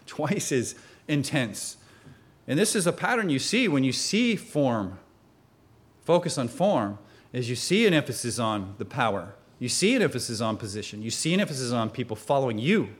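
A man teaching a Bible study, explaining the text earnestly and asking rhetorical questions as he goes. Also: medium pitch.

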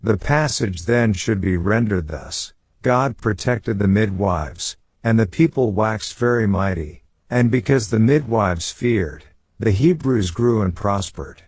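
Low-voiced man reading Bible commentary. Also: lively intonation, measured pace, darkish tone, no echo. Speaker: Bible study reader.

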